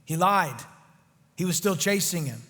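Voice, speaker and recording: Animated pastor in a reverberant hall. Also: male voice, sits high, a little slow. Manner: animated, rising to urgent emphasis. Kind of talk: expository sermon. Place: church sanctuary. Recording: long reverb of a church hall.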